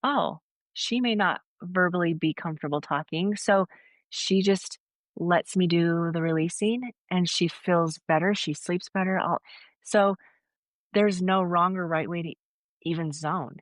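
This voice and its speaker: A woman's voice: on the low side, unhurried, no room sound. A woman guest on a podcast, earnestly telling a rambling story and acting out bits of quoted dialogue in conversation. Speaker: foot zoner, podcast guest.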